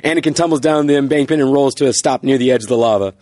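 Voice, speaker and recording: A man's voice: mid-range voice, a little mellow, dry recording. A man hosting an improv comedy game show, reading stage directions and explaining rules in an upbeat way. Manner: upbeat, quick to laugh.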